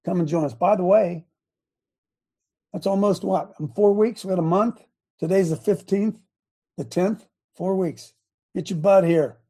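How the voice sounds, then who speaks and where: A man with a gravelly, husky voice hosts an online faith show, preaching in a loose, conversational way. He keeps asking his viewers direct questions and often trips over and restarts his words. His tone is dark and mellow. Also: sits high, a little slow, long pauses. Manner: animated, talks straight to viewers with repeated questions. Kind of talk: casual preaching to a live online audience.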